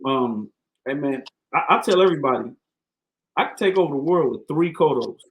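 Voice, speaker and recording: A man, a Navy command master chief, telling stories as a podcast guest in an animated, slangy way. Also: fairly high pitch, normal speed, low-quality recording. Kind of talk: casual storytelling.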